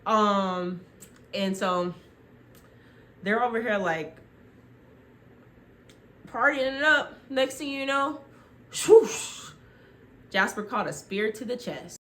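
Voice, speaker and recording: A young woman vlogger casually retelling a TV show into her phone, rambling and full of "like" as she acts out quick quotes. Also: on the high side, expressive, bright, forceful tone.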